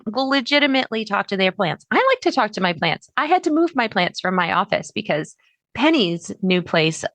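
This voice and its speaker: A woman hosting a solo podcast, talking in a chatty, animated way with sudden jumps in pitch. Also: no echo. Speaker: podcast host.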